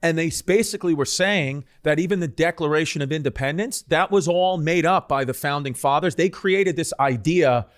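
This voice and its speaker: A man's voice: a little high, moderate pace, few pauses. A man co-hosting a comedy podcast, rambling through a story in casual, profane chat and saying "dude" a lot. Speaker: podcast co-host.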